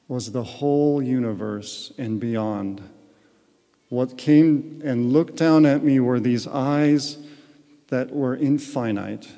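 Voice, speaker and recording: Man, guest speaker, earnest spiritual testimony, unhurried, reverb of a big hall. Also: mid-range voice, warm tone. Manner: earnest storytelling. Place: large retreat hall. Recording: long echo of a large hall.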